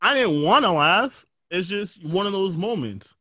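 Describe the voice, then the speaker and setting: Bright-voiced joking man, dry close mic. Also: high-pitched, animated, a little slow, no echo. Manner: joking storyteller, swears freely, lots of fillers. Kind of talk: casual chat.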